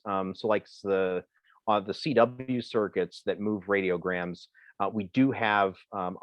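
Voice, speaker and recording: A man from Ohio answering questions as a presenter in a video call, talking in a halting way with many fillers and restarts. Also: lowish voice, no room sound, highs cut off. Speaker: presenter on emergency communications. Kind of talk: Zoom Q&A answer.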